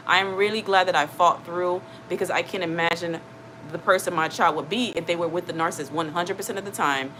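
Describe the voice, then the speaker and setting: A woman's voice: on the low side, fairly quick, sharp tone, slight background noise, low-quality recording. A woman hosting her channel, talking in an earnest, repetitive, conversational way with many fillers. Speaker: channel host. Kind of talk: casual livestream chat.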